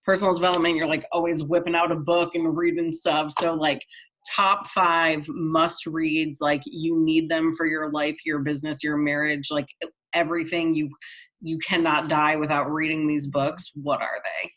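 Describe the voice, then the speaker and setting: A woman's voice: low-pitched, little pitch movement, normal speed, a bit bright, low-quality recording. A woman hosting a casual video call, asking questions with lots of "like" fillers. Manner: bubbly, filler-heavy questions. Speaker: host. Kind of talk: casual Zoom chat.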